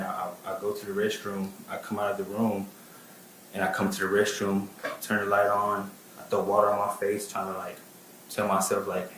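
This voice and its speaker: A man recounting events as a witness, halting, with many fillers and restarts. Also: low voice, completely flat delivery, fairly bright tone, roomy sound, a little hiss or hum, low-quality recording. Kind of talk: testimony and recounting.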